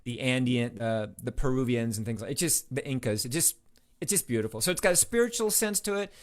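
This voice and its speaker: Male interview guest, quick and enthusiastic, loose rambling storytelling. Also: mid-range voice, expressive. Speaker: podcast guest, author. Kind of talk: casual interview chat.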